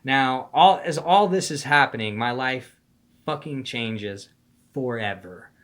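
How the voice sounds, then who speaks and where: A young vlogger tells a personal story in a loose, casual monologue, his voice bright and forceful at an ordinary middle pitch. He speaks slowly with lively intonation, and his talk is slangy and profane, full of "like," "dude," and "bro."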